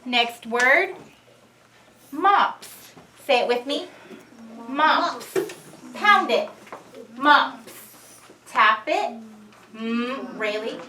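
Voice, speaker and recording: A woman teacher with a slightly high voice, walking a class through a phonics drill and stretching out each word. She sounds distant and roomy, captured from across an echoing classroom with faint noise. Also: expressive, bright, forceful tone. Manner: slow, clear drilling of words. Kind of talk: phonics lesson. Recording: echoey room from a distance.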